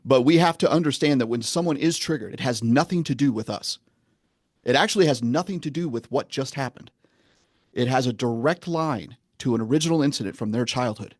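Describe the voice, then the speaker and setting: A man with a middle-pitched voice talks like a coach laying out a lesson, measured and earnest, slowing down to press his points. The recording is close and dry, with no room sound around him. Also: no room sound. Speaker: men's coach and guest. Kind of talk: podcast interview, teaching.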